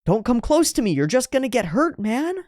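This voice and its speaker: A man's voice: big pitch swings, brisk, a little mellow, dry recording, clean studio sound. A man doing a raised-voice tough young woman. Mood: pleading. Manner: raised pitch, emphatic and heated. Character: tough young woman mercenary, guarded and pleading.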